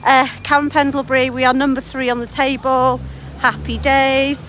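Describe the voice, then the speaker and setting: A woman's voice: high voice, level tone, normal speed, a bit bright, slight background noise. A woman co-hosting a podcast, out of breath from walking as she reads listener comments aloud in a breezy way. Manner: breezy, laughs easily. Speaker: podcast co-host reading chat messages. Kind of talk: casual chat, reading listener comments. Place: outdoors while walking.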